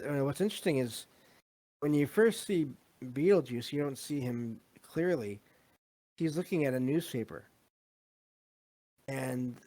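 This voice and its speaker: A man's voice: mid-range voice, a little mellow. A podcast host chatting loosely about a movie, with a lot of ums, restarts and asides to his live chat. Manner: rambling, many fillers, reads live chat. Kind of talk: casual movie review chat.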